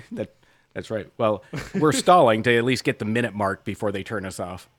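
A middle-aged man co-hosting a casual podcast chat, wry and quick to laugh, swearing casually. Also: fairly low pitch, big pitch swings, no room sound. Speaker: podcast co-host.

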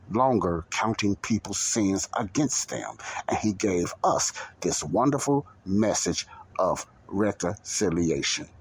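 A man's voice: lowish voice, breathy edge. A man hosting a bible teaching podcast, talking emphatically, repeating points and asking the listener rhetorical questions. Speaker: podcast preacher.

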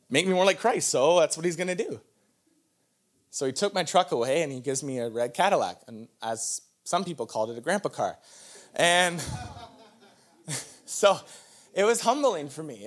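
A young adult man preaching a sermon to a live church audience, telling a personal story candidly and laughing often. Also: medium pitch. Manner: candid, storytelling, self-deprecating with frequent laughs.

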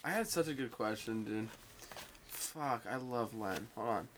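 A man's voice: mid-range voice, expressive, a little slow, a little hiss or hum. A man co-hosting a podcast in casual chat, rambling and swearing as he loses his train of thought. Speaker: podcast co-host.

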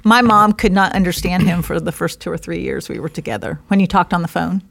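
A woman's voice: on the low side, a little fast, gravelly, fairly bright tone. A woman from Iowa chatting casually, telling a story with frequent giggles. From Iowa, United States. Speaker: co-host telling how the couple met. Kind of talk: casual chat.

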